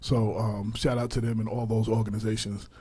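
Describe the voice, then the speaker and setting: A man in his forties, co-hosting a radio talk show, telling stories in a casual, animated way with laughs. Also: fairly low pitch, a little fast, breathy edge, no room sound. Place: radio studio.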